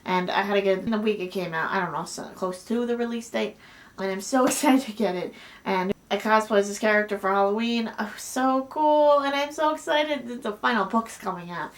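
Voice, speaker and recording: A young woman vlogger chatting casually and excitedly about new books, full of gushing exclamations and fillers. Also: mid-range voice, brisk. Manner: gushing, excitable, many "like"s and "oh my God"s. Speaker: book vlogger. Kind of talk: casual book haul chat.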